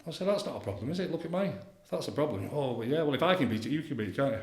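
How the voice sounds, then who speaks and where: Speaking rapid-fire and expressively in a medium-pitched voice, a middle-aged man appears as an addiction counsellor guest on a casual podcast interview. He's blunt, repetitive, and fond of tag questions, and the roomy space adds echo.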